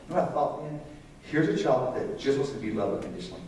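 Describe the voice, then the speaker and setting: A man's voice: mid-range voice, animated, fast, mellow, a little hiss or hum. A middle-aged man preaching a conversational sermon on parenting, often putting questions to the congregation. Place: church sanctuary. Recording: echoey hall, distant mic.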